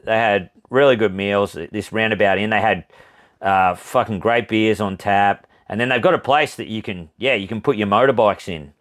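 A man's voice: fairly low pitch, moderate pace, fairly bright tone. A young Australian man co-hosting a podcast, telling a long rambling story in casual chat, swearing freely and laughing often. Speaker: podcast co-host.

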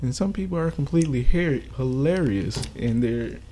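A man co-hosting a podcast in casual chat, speaking in a laid-back, wry and measured way. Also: mid-range voice, animated, warm tone, a little hiss or hum. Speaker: podcast co-host.

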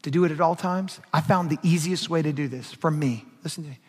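A middle-aged man preaching a sermon as a pastor, his voice pitched high for a man. He swings between hushed, intimate passages and raised, emphatic lines. A long reverb from a large hall trails after each phrase. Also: quick pace, breathy edge.

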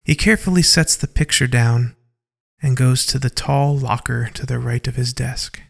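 A man giving slow, deliberate scripted narration for an audio drama. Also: mid-range voice, steady tone, vocal fry.

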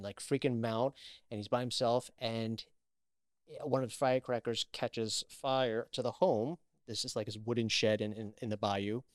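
A man's voice: medium pitch, clean tone, no room sound, clean studio sound. A man, an actor, chatting as an interview guest, telling stories animatedly with many restarts. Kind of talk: casual interview chat.

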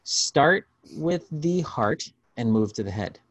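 A man hosting a podcast, telling stories in a casual, animated way with frequent restarts. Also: mid-range voice, slow, no echo. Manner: storytelling, animated, restarts often. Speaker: podcast host.

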